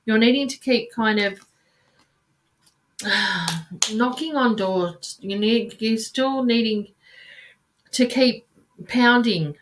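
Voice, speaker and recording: Sighing, hesitant woman card reader. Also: fairly high pitch. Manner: halting, searching, with frequent sighs and restarts; calls listeners sweetheart and darling. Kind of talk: live card reading.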